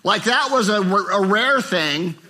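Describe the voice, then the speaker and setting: Older male pastor, bright, slightly high voice, animated sermon delivery. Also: slow. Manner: animated, acts out inner voices with rising pitch.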